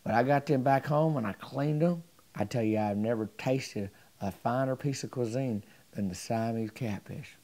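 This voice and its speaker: A man telling a folksy comedic story to camera in a drawling, deadpan, chatty way. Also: mid-range voice, moderate pace, few pauses.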